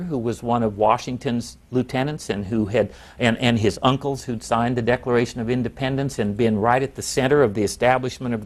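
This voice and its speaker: A man, a historian, answering interview questions in a measured, reflective way. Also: mid-range voice.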